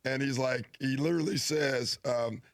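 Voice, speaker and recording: A former basketball player on a talk show, telling an old game story in a relaxed, amused way. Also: male voice, mid-range voice, moderate pace, gravelly. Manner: relaxed, amused, fillers and laughs.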